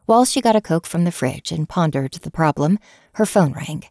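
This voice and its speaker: An audiobook narrator with a low, mellow voice reads a scripted story expressively at a moderate pace. The recording is clean studio sound with no room echo.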